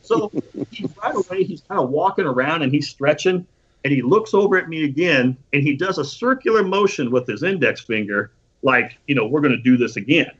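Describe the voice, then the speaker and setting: A man casually telling an animated, profane anecdote and acting out the quotes. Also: on the high side, moderate pace, husky. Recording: dull lo-fi recording.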